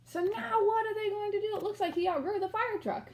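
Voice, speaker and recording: A woman's voice: very high-pitched, brisk, slight background noise. A woman teacher reading a picture book aloud to children and asking them questions in an encouraging way.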